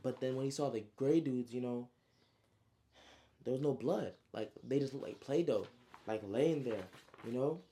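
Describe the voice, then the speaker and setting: A man casually recapping his own story, slangy and animated, with frequent asides. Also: medium pitch, normal speed, long pauses.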